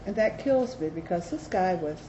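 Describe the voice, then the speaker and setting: A woman's voice: on the low side, lively intonation, normal speed. A middle-aged woman giving a candid, self-deprecating recovery talk to a meeting. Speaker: AA speaker. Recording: roomy, dull hall recording with faint hiss.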